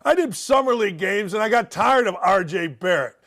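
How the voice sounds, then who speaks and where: A man's voice: high-pitched, expressive, a little fast, fairly bright tone. A man hosting a sports talk show, ranting in a sarcastic, mocking way about sports and politics. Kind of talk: opinionated sports and politics rant.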